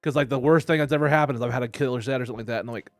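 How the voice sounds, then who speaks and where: A man's voice: medium pitch, no room sound. A man guesting on a podcast as a stand-up comic, talking casually with swearing and laughs. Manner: quick, animated, profane.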